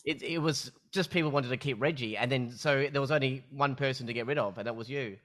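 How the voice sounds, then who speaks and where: A man's voice: mid-range voice, fairly quick, a bit bright. Man interviewing, stumbling over words. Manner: stumbles and repeats words while asking. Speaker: interview host. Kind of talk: casual interview questions.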